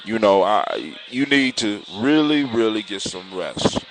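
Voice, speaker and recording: A man's voice: fairly low pitch, very animated, a little slow. A man voicing a loyal male helper in a spoken story, giving earnest, urgent advice. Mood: concerned. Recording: noisy recording with clicks.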